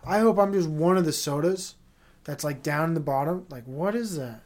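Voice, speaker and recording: A solo podcast host in his thirties speaks at normal speed in a highish, darkish-toned voice. In his casual monologue he swears freely and rambles, using many fillers and going off on tangents.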